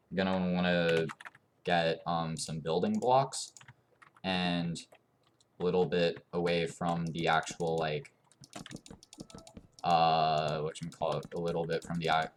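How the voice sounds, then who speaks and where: A man's voice: extremely low pitch, slight background noise. A man giving a casual game tutorial over his screen, explaining in a rambling, meandering way at a desktop mic. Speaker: tutorial YouTuber.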